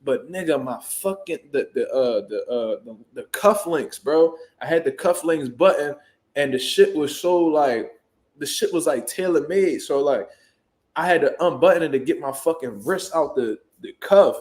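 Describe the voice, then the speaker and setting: Profane, animated man telling a story. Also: a little high, moderate pace. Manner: profane, animated, jumps into loud acted-out quotes. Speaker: boxing trainer. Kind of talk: casual storytelling.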